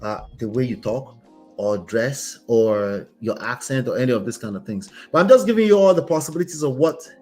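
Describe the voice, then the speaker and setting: A man's voice: medium pitch, lively intonation, a little fast, a little mellow, soft background music. A man, a relationship coach commenting on a story he reads aloud, speaking emphatically and ending many points with "right?". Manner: emphatic, tags lines with "right?".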